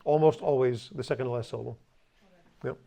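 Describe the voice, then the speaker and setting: A man's voice: mid-range voice, fairly even intonation, fairly quick, vocal fry, dark tone. A man teaching a language class, blunt and joking, drilling students to repeat after him. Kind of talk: classroom lesson.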